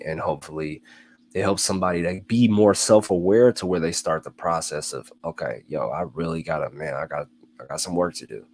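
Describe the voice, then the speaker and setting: A man with a very deep, low voice delivers a casual motivational talk. He repeats his key phrases for emphasis and keeps addressing his listeners as y'all. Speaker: host.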